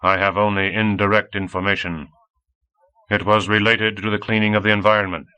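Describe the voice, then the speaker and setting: A man voicing an old male android robot who speaks in a droning monotone. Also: on the low side, fairly quick, clean tone.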